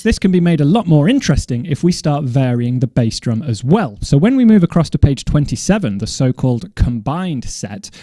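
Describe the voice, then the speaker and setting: A man's voice: medium pitch, mellow, no echo. Methodical male drum teacher, dry sound. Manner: measured, methodical, self-correcting. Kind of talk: instructional explanation.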